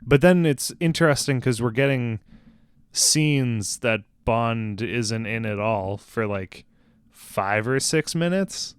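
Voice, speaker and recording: A man's voice: medium pitch, expressive, clear, resonant tone, dry recording, studio quality. A man co-hosting a podcast, joking and laughing as he chimes into a casual film discussion. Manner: jokey, quick to laugh, chimes in. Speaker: podcast co-host.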